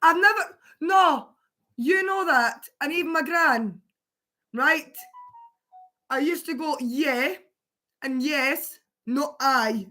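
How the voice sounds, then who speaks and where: A woman's voice: high-pitched, slow pace, pauses often, sharp tone. A woman hosting a livestream, chatting casually with her partner, swearing freely and laughing often. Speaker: livestream host.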